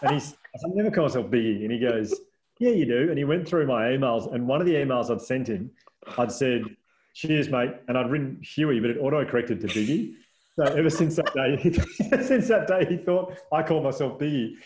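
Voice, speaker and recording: On a podcast, a guest in his thirties shares anecdotes over casual conversation, his mid-range voice brisk against slight background noise. He tells stories with animation, laughs frequently, restarts sentences often and uses "like" as a filler again and again.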